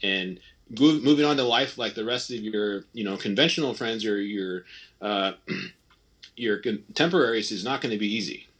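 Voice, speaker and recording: A man's voice: on the low side, normal speed, fairly bright tone, slightly rough. A man in his thirties, a former athlete, talking candidly and at length in a casual interview, often restarting and quoting his own thoughts. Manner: candid, rambling, frequent restarts and quoted self-talk. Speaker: interview guest, retired ski racer.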